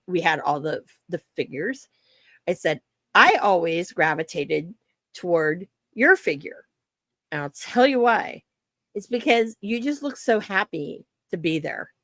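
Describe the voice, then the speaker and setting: A woman's voice: fairly low pitch, measured pace, no echo. A woman co-hosting a podcast in casual chat, telling stories with lots of fillers and swearing. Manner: animated storyteller, swears freely, many fillers. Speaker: podcast co-host.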